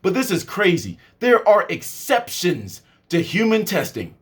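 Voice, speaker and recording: A man hosting his own channel, reading a law aloud and breaking off into animated, conspiratorial asides full of fillers, his voice tired from the reading. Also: high-pitched, a little slow. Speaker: channel host.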